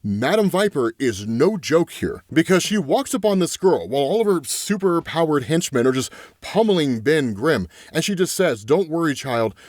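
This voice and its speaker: Animated man recapping comic stories. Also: a little high, normal speed, no room sound, studio quality. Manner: animated, tags lines with "right?" and "like"; retells dialogue in his own voice. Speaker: comic book explainer host. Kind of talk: casual comic story recap.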